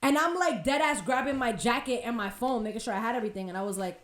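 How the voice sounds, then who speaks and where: A young woman, hosting a podcast and telling a story in a casual, animated way, full of slang and swearing. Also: on the high side, fast talker, reverberant. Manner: animated, swearing, slangy retelling with acted quotes. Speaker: podcast host.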